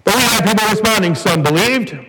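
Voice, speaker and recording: In a church sanctuary, a man preaches as pastor with a high, animated, brisk voice that sounds pushed and bright, with a breathy edge. His sermon is earnest and builds to emphatic peaks, recorded with church hall reverb and faint noise.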